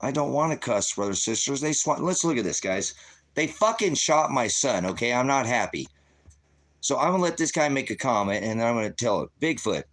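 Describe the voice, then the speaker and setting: In a very animated, fairly quick delivery, a middle-aged man addresses his channel's viewers with a profane, combative rant that wanders around. His voice is mid-range and a bit bright.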